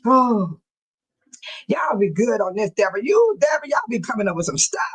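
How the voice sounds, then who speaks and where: A woman's voice: medium pitch, very animated, fairly quick, slightly rough, poor audio. An older woman, a grandmother, chatting casually with viewers on her livestream, telling stories and laughing often. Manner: addresses viewers by name. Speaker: livestream host.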